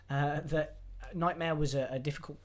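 A man co-hosting a casual chat, relaxed and reading notes aloud with plenty of fillers. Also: on the high side, unhurried, slight background noise. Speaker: podcast co-host.

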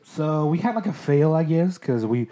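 A man's voice: on the high side, animated, normal speed, mellow. A young man, telling stories in loose, profane casual chat.

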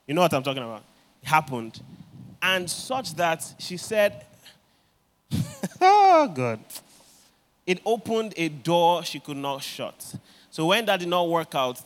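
Man, high voice, lively sermon storytelling, plays out quoted voices. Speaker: preacher.

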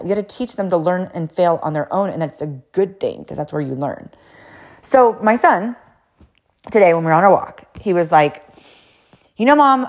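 A woman with a fairly low voice hosts her own podcast, spinning a casual story. Her pitch leaps and dips expressively as she talks. She is blunt, swears casually, peppers her speech with "like" and wanders into side notes. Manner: blunt and animated, swears casually, acts out quotes; frequent "like" fillers, digresses. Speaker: podcast host and coach.

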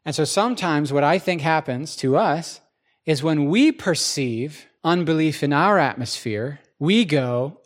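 Conversational male preacher, slightly high voice. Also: animated, a little slow. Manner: conversational, asks the congregation questions, acts out quoted speech. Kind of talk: sermon.

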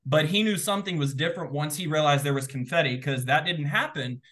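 A man guest telling an excitable, animated story in a casual interview, full of fillers and quick asides. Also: on the high side. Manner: excitable, animated, rapid filler-heavy retelling. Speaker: guest, former game show contestant.

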